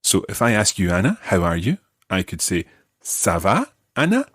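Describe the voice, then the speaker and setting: A middle-aged man, teacher and host of a language podcast, patiently explains and models pronunciation for learners in a friendly guided lesson. His low voice swoops wildly in pitch at a moderate pace, fairly bright in tone with a breathy edge, on a dry recording.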